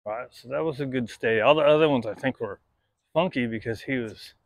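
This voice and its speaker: A man training his dog, praising it in high sing-song bursts and then dropping to quiet explanatory asides. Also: a little fast, no room sound.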